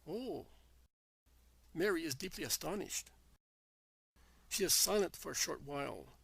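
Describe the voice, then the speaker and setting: Gravelly man reading devotional narration. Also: a little high, moderate pace, no room sound, poor audio. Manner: even, reverent reading. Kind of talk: scripted narration of a devotional text.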